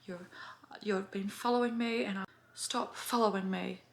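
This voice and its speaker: A woman's voice: medium pitch, steady tone, moderate pace, vocal fry, close to an everyday voice. Woman whispering as a paranoid accuser. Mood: accusing. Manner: hushed, urgent whispering.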